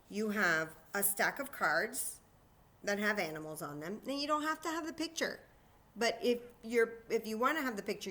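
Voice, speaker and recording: A woman leads a children's story time, explaining a simple game to young listeners. Her voice is bright and of middle pitch. She talks slowly and simply, with animated energy.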